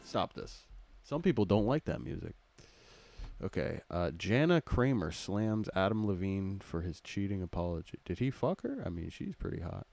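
A man's voice: deep voice, big pitch swings, moderate pace, creaky, a little mellow, faint music behind. A man hosting a solo comedy podcast, rambling crudely and joking, muttering to himself as he reads headlines. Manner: crude, joking, mumbles to himself while browsing. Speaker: podcast host.

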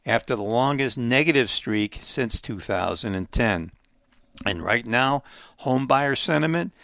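Gravelly man giving emphatic money commentary. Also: mid-range voice, a bit bright, no echo. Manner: emphatic, with rhetorical questions. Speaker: radio program host. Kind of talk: economic commentary monologue.

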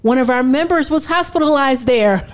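A woman in her forties shares a personal testimony with an audience, acting out the dialogue and often laughing between lines. Her voice is high and her pace moderate, and her storytelling is animated.

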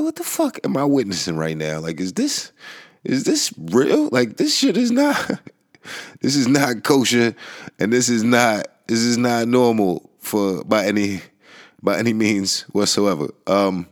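A young man hosts a casual solo talk. He rambles and restarts often, laughs between thoughts, and swears freely. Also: low-pitched. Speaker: podcast host. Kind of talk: casual monologue.

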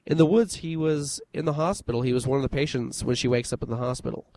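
A man co-hosting a podcast, chatting in a relaxed, joking way and chuckling between lines. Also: medium pitch, quick pace, no room sound. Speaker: podcast co-host. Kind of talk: casual chat.

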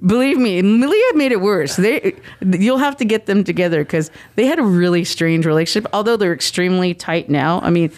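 A middle-aged woman, guest on an interview show, telling family stories in a lively way and acting out the quoted dialogue. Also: on the low side, a little fast, few pauses. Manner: animated, acts out quoted dialogue. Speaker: guest, mother of the athlete. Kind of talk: casual interview storytelling.

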